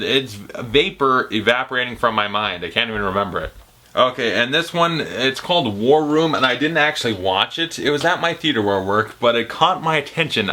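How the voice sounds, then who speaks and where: A man's voice: medium pitch, bright, forceful tone. A young man ranting through a casual movie review, profane and sarcastic, laughing often.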